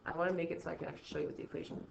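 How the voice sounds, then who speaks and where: A woman's voice: low voice, flat delivery, racing, vocal fry, heavy background noise. Chatty woman teaching math, roomy sound. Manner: chatty, acts out student reactions, frequent "okay?" check-ins. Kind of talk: recorded classroom math lesson. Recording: slightly dull, roomy recording.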